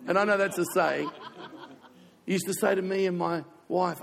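Older pastor, gravelly, echoing hall. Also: male voice, high voice, fairly even intonation, normal speed. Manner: emotional, heartfelt storytelling, fighting back tears. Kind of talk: sermon.

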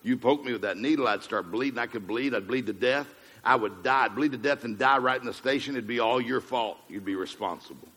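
A man's voice: mid-range voice, fairly quick, fairly bright tone, breathy edge, voice pushed down. A man voicing a male drunk driver who pleads with excuses in a whiny, dramatic way. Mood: pleading. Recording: long hall reverb.

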